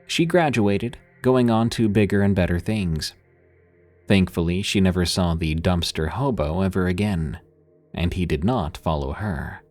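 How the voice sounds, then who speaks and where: Deep-voiced male horror narrator. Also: unhurried, darkish tone, soft background music. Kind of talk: scripted narration.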